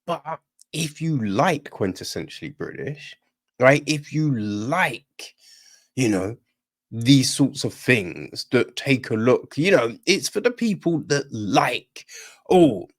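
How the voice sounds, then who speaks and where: A man's voice: mid-range voice, sing-song, slow. Blunt, rambling man reviewing a film. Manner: blunt, rambling, swears casually. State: in a bad mood. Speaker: film review podcast host. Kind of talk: casual spoken film review.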